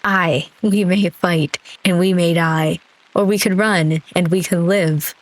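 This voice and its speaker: A mischievous young friend with a flair for theatrics, all exaggerated panache and raised, squeaky outrage, as a woman reads them out. The voice jumps up high when wronged and stretches words out pleadingly. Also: expressive, slow pace, low-quality recording. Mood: mock heroic.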